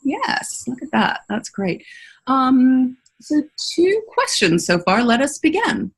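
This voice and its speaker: A woman's voice: high-pitched, sing-song, takes it slowly, breathy edge, poor audio. An American woman hosting a casual webinar Q&A as a voiceover coach, chatty and laughing easily as she tells stories. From United States.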